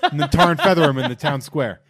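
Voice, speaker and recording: A man's voice: on the high side, wildly swooping pitch, fast, a bit bright. A man, joking and swearing in a casual podcast chat. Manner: joking, profane, wisecracking.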